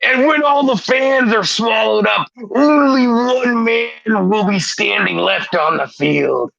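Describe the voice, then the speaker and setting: A man putting on the voice of a boastful 1980s-style pro wrestler cutting a slow, growling promo. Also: high voice, creaky, pushed and bright, dry recording, dull audio, voice pushed up, heavily acted. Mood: grandiose. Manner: slow, growling hype delivery ending lines with "brother".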